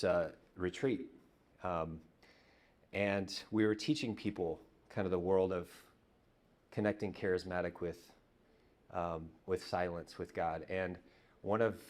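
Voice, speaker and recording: A man preaching a conversational sermon as pastor, telling stories and dropping to a hush on repeated words. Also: low voice. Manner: conversational, storytelling, drops to hushed repetitions. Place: church.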